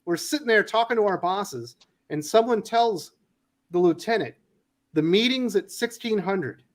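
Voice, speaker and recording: Guy hosting a comics stream, high voice that jumps all over, swears, acts out his quotes. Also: moderate pace. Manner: animated storyteller, swears, acts out quotes loudly. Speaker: host of a comics news livestream. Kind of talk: casual panel chat and storytelling.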